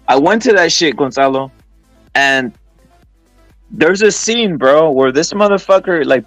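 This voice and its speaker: A man's voice: fairly high pitch, dry recording, low-quality recording. A man hosting a podcast, telling a story in a rambling, profane, casual way with lots of laughter. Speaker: podcast host.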